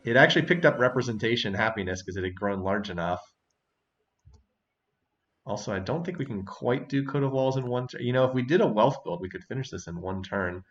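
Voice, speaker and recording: Fairly quick and fairly bright in tone, this mid-range male voice belongs to a host running a strategy game session. The audio sounds dull as he casually chats, reasons out loud, and laughs a lot.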